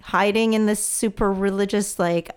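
A woman's voice: medium pitch, steady tone, moderate pace, clear, resonant tone. Chatty woman podcast host. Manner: chatty, laughs easily, jumps in with comments. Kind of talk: casual interview chat.

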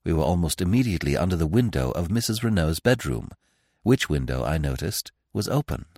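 A man narrating a classic mystery novel as a podcast reader, in a measured, expressive storytelling manner. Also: sits low, no echo, clean studio sound. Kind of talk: audiobook reading of a classic mystery.

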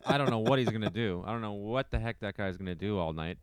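Deep, smooth-voiced man in casual chat. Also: fast, no room sound, clean studio sound. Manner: self-deprecating, repeats himself emphatically.

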